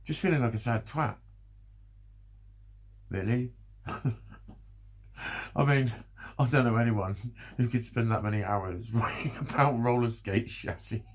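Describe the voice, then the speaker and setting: A man's voice: medium pitch, normal speed, long pauses. A man, exhausted and rambling through an emotional personal vlog, swearing often and breaking into nervous laughs. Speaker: vlogger.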